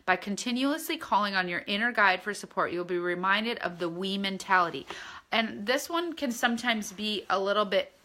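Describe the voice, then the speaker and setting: Bright-voiced woman teaching spirituality. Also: mid-range voice, animated, normal speed. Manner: earnest, conversational, checks in with listeners. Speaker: spiritual course leader.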